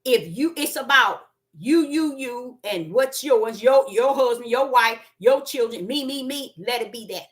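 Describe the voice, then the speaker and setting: Woman preacher, high voice, repeats words, loud then hushed. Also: animated, a little slow. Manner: repetitive, emphatic, swings between loud and soft. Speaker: self-styled prophet and preacher. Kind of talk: spontaneous sermon.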